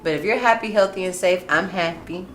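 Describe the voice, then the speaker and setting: A woman hosts a casual talk show, her voice sitting a little low and laughter bursting through often. She talks loosely and frankly. The sound is echoey, with faint noise behind her. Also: brisk. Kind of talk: casual chat.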